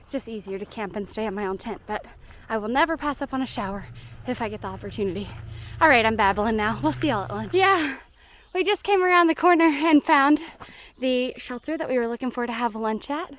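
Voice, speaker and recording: A woman's voice: fairly high pitch, expressive, brisk, fairly bright tone, a little hiss or hum. A young woman with a Southern US accent, chatting cheerfully to camera while walking a hiking trail outdoors and laughing often. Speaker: hiking vlogger. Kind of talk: casual hiking vlog narration.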